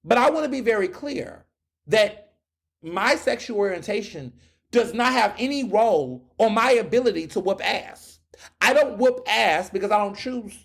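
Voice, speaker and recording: A man in his thirties hosting a solo commentary podcast, talking in a sassy, animated way, firing back mocking retorts. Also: sits high, vocal fry. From United States. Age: 30s. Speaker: podcast host.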